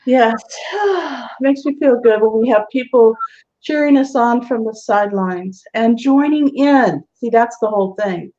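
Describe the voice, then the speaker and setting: A woman's voice: on the high side, a little slow, mellow. A woman hosting a live online show, chatting casually and laughing often. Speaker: host. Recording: dull lo-fi web stream audio.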